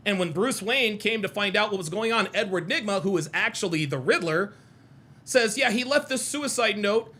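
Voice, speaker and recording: A man hosting a reaction video, talking in an animated, mocking and profane way and repeating himself for emphasis. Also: high-pitched, normal speed. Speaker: host reacting to clips. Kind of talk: reaction commentary.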